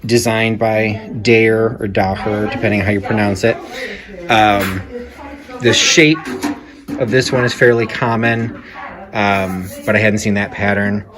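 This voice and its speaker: Low-voiced man touring an antique shop. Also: fairly even intonation, measured pace, pauses often, a crowd in the background. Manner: conversational, frequent fillers, informative. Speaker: antique reseller vlogger. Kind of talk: walk-through shop commentary. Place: antique shop in a Victorian house.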